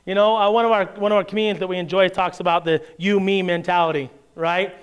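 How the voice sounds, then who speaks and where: Preaching with lively humor and plenty of rhetorical questions, this pastor keeps things conversational, then slows into a measured tone to read scripture. His voice sits high and sounds clear and resonant.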